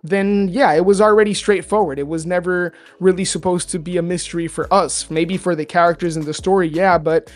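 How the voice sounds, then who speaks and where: A man's voice: high-pitched, fairly even intonation, brisk, few pauses. A man co-hosting a podcast, talking in a casual, rambling way and correcting himself as he goes. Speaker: podcast co-host. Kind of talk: casual chat.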